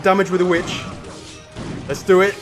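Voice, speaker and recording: A man hosting a live stream, commentating his own game with excitable groans and playful trash talk aimed at his opponent. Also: high-pitched, normal speed. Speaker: streamer and show host. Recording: game music playing under the voice. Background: game music.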